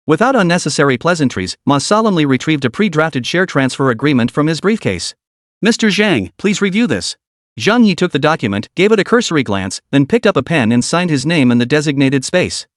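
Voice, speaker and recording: A male narrator reads a scripted story recap in a fairly high voice. His delivery is dramatic yet steady. The sound is close and dry, with no room around it. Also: fairly quick, hardly any pauses, no echo.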